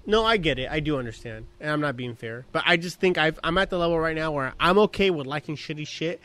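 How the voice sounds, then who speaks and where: A man co-hosting a casual podcast chat, talking animatedly with lots of swearing and laughter. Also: on the high side. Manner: profane, animated, quick to laugh. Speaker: podcast co-host.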